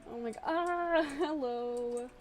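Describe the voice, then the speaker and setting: A woman's voice: high-pitched, slow. A young woman from the US Midwest chatting casually and giggling with viewers on a live stream. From Illinois, US Midwest.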